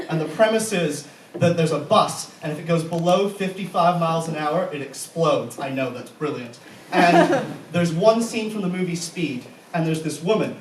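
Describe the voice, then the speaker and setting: High-voiced man ranting on a comedy stage. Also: distant mic, a little hiss or hum. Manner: profane, incredulous ranting with frequent laughter. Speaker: stand-up comedian and compere. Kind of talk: live stand-up comedy with crowd work. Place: comedy club stage before a live audience. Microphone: handheld stage mic. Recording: echoey live room, voice off-mic at times.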